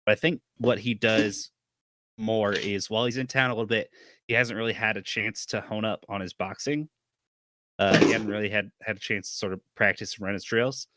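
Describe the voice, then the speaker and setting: A man playing a tabletop game, describing his character's actions in a relaxed, halting way. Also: on the low side, no room sound. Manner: relaxed, halting, thinking aloud. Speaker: player.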